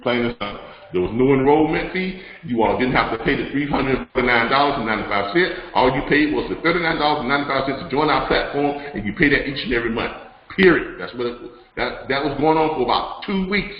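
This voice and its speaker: A man's voice: mid-range voice, animated, fast. A man hosting a live online business broadcast, talking in a loose, rambling way with lots of fillers and restarts as he gives announcements and teaches. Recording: roomy, slightly dull sound.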